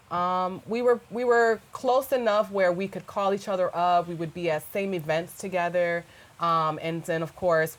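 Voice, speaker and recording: A woman hosting a podcast, chatting effusively with a guest and using plenty of fillers. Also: lowish voice. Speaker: podcast host. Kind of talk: casual chat.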